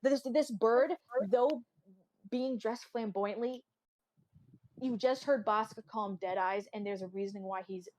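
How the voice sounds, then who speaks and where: A woman's voice: a little high, a little slow, darkish tone. A woman narrating a tabletop game as game master, in a chatty, casual way.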